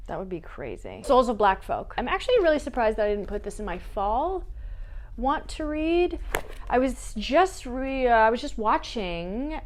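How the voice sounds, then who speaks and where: A woman's voice: a little high, sing-song, moderate pace, a little hiss or hum. A woman vlogging about her books in a casual, playful way, with jokey asides. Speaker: book vlogger. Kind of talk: casual chat.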